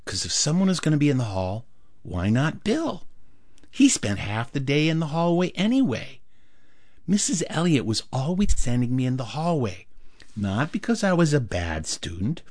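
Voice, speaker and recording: A male storyteller recounting a childhood memory in an animated, acted-out way. His voice rises and falls widely as he builds the tale. He slips quickly into the voices of the people in his story. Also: mid-range voice, dry recording. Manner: animated, acts out dialogue with varied voices. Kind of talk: performed personal storytelling.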